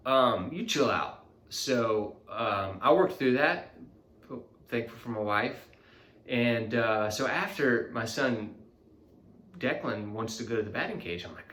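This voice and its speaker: Self-mocking dad in an echoey room. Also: male voice, medium pitch, normal speed. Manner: animated, self-mocking, acts out quoted voices. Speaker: vlogger. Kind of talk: confessional parenting vlog.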